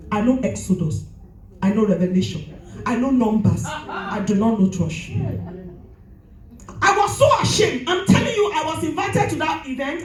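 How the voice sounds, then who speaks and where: A woman pastor, preaching a fervent sermon and often shouting. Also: sits high, a little hiss or hum. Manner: shouting, preaching with rising fervor. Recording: echoey hall with music.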